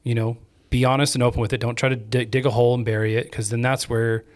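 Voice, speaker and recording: Male host with a middle-range voice, lively and conversational. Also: mid-range voice, fast. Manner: energetic, chatty storyteller. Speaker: podcast host. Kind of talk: casual storytelling chat.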